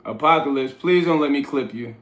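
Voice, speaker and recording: A man's voice: medium pitch, brisk, a bit bright. Blunt New man lecturing his livestream chat. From New York. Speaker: livestream host. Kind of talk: casual livestream chat, reading chat aloud. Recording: roomy echoey room.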